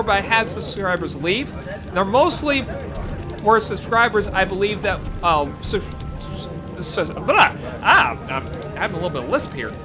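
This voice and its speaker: Rambling man chatting over game music. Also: sits high. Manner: rambling, with frequent fillers and restarts. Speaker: gaming channel host. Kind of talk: casual livestream chat over gameplay. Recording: game music playing behind the voice. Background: game soundtrack music.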